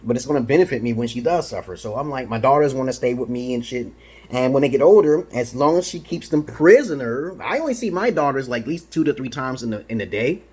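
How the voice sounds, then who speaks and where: A Brooklyn, New York vlogger rambles through a casual monologue, boastful, provocative and profane, tacking "okay?" onto his points. His mid-range voice is expressive and darkish with a breathy edge, and he talks quickly.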